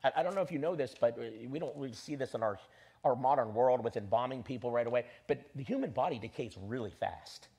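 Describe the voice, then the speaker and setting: A pastor preaching an animated sermon and leading his congregation in call-and-response. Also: medium pitch, fast talker, gravelly, slightly rough.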